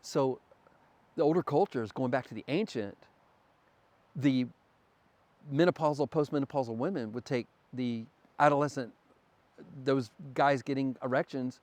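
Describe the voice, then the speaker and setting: A middle-aged man speaks as a podcast guest, his voice sitting in an ordinary middle pitch. He talks fast and animatedly, swearing freely. The tone is casual, like a conversation. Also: no echo. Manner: animated, profane, fast-talking.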